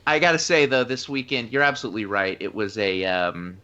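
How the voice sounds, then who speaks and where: Male co-host, jokey and animated, bright tone. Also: on the low side, brisk, smooth, lo-fi sound. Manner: playful, jokey. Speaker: podcast co-host. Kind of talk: casual podcast chat.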